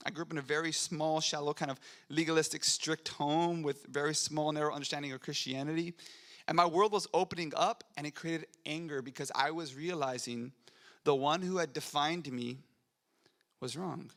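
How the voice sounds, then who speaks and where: A man's voice: a little high, a little fast, fairly bright tone. A young adult man preaching a sermon in a church, conversational and earnest, rising to fervent emphasis. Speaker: pastor. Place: church sanctuary.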